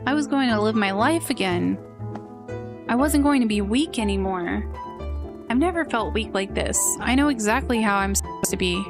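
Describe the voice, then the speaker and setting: A woman's voice: a little high, animated, normal speed. A woman voicing an earnest, troubled young woman, reading her lines with emotion over game music. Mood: pleading.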